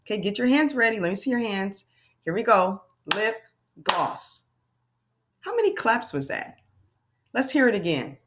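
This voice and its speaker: A cheerful woman teacher leads little kids through a phonics lesson. Her pitch swings widely and playfully, and her tone is warm and encouraging, with a middle-pitched voice. She talks straight to the children at home as she coaches them along. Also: big pitch swings, a little fast, background noise.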